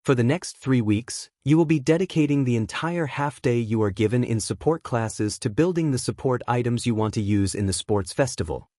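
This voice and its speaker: A man's voice: medium pitch, animated, normal speed, few pauses, dark tone, no echo, studio quality, lightly acted. A man reading a fan story, voicing a stern adult male teacher making a formal announcement to a class.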